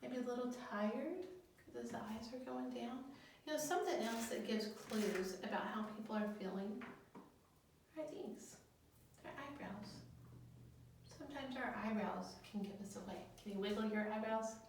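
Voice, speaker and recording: A woman school counselor teaching young children in a video lesson, speaking gently, asking them questions and pausing for their answers. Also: fairly high pitch. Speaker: elementary school guidance counselor. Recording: very echoey room, voice from a distance, faint noise.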